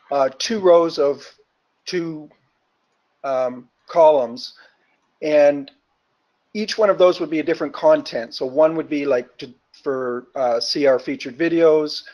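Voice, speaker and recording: A man's voice: medium pitch, muffled recording. A man in a webinar, describing what he needs and asking a question in a hesitant, casual way, full of ums and uhs.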